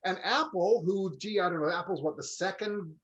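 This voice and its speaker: A man's voice: sits high, normal speed, fairly bright tone, dull audio. Chatty man co-hosting a panel chat. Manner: chatty, storytelling, mimics salespeople. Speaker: co-host.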